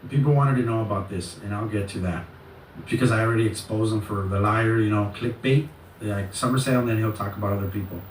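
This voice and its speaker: A man telling a story in a casual vlog rant, rambling and animated, with swearing. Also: on the low side, quick pace. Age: adult. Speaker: channel host. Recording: echoey, distant mic, faint noise.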